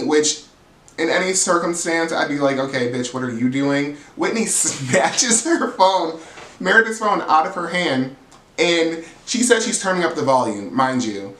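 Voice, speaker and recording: A man hosting a casual recap of a reality show, telling it in an animated, sassy, gossipy way. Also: fairly high pitch, echoey room. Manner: animated, sassy, gossipy storytelling with acted-out quotes.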